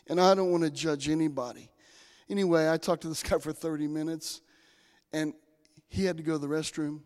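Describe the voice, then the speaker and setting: A man preaching a sermon, telling folksy personal stories and swinging between soft asides and loud bursts. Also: a little high. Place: church sanctuary. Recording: long hall reverb.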